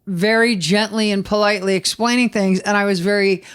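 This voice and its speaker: Animated woman telling a story. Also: mid-range voice, a little fast, clear, resonant tone. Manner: animated storyteller, acts out quoted voices. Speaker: podcast co-host. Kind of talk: casual storytelling chat.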